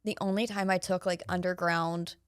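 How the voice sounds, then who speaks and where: A woman's voice: lowish voice, fairly even intonation, moderate pace, smooth, no room sound, clean studio sound. A young woman hosting a podcast, chatting casually and telling stories by acting out what people said. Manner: chatty storyteller who acts out quotes. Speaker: podcast host. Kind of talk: casual chat.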